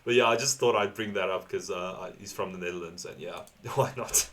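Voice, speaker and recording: A man's voice: low voice, brisk, a bit bright. A man from South Africa with a South African accent, hosting a reaction video in rambling casual commentary and laughing often between thoughts.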